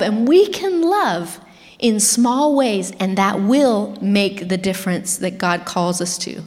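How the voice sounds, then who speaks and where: A woman's voice: mid-range voice, lively intonation, slow pace, darkish tone. A woman preaching a sermon in an earnest, emphatic way, asking rhetorical questions. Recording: reverberant hall.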